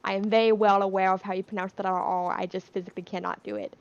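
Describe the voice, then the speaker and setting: A woman's voice: medium pitch, little pitch movement, racing, gravelly, clean tone, muffled recording. A young woman with a speech impediment on her O sounds, rambling casually on a livestream and laughing between points. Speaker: livestream cast member. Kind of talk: casual chat.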